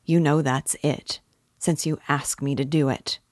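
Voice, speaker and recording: A shrewd middle-aged magistrate, read by a woman, who leans on every point with calm, slow insistence. The delivery is unhurried and the sound is close and dry. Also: low voice, no echo. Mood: calmly pressing.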